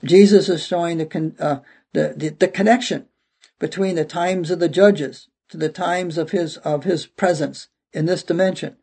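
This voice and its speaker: A man's voice: on the high side, fairly even intonation, moderate pace, vocal fry, a little mellow, slightly rough. A man preaching a verse-by-verse Bible sermon, emphatic and peppering his teaching with "okay" as he restarts phrases.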